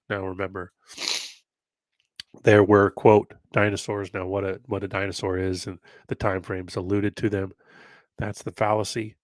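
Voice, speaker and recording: Male host, nasal and stuffed up, low-pitched, dry close sound, casual commentary and read-alouds. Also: little pitch movement, takes it slowly, long pauses, no room sound. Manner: conversational, musing asides between read passages. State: congested from allergies. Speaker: host of a history-mystery channel.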